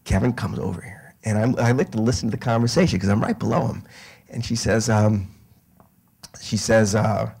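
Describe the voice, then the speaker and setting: A middle-aged man telling a story to a live audience, halting with fillers and restarts, growing animated. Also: fairly low pitch, creaky, slightly rough.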